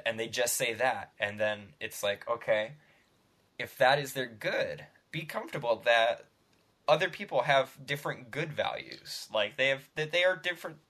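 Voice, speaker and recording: A man's voice: medium pitch, a bit bright. A man hosting a casual podcast chat about tabletop role-playing, rambling and laughing between phrases. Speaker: podcast host.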